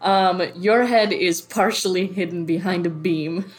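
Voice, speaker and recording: A woman narrating a tabletop game as game master, relaxed and often laughing. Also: lowish voice, measured pace. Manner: relaxed, giggly, many fillers.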